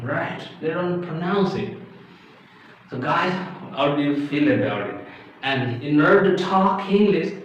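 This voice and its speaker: A man with an Indian accent giving an animated English lesson, exclamatory and playacting confused learners. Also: mid-range voice. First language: Indian language. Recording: echoey, distant, dull lo-fi with faint hiss.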